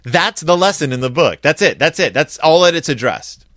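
A man giving a comic, sarcastic review of a children's picture book, acting out quoted lines in flat voices. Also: fairly high pitch, normal speed, no room sound, clean studio sound.

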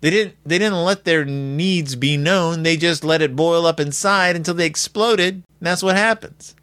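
A man's voice: a little high, moderate pace, a bit bright, clear, resonant tone, no echo. A man giving a sarcastic, exaggerated, rambling comedic recap of a children's book. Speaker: podcast host reviewing a children's book.

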